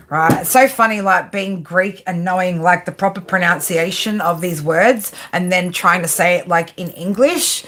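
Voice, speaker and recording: A woman with a low, easy voice runs a casual livestream card reading. She rambles cheerfully and swears without thinking about it. A soft bed of background noise sits under her voice. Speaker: tarot reader. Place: home, at a table under a lamp.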